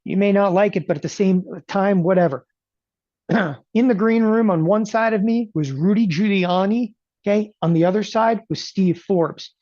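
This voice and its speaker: A middle-aged man giving a casual, emphatic sales talk for a trading event, rambling and often clearing his throat and tossing in "okay?" asides. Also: high-pitched, normal speed, a little mellow, dry recording, highs cut off. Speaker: trading educator promoting a live event.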